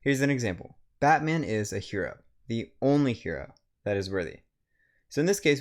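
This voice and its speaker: A man from a writing center giving a recorded grammar lecture, explaining step by step and slowing down to read example sentences. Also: fairly low pitch.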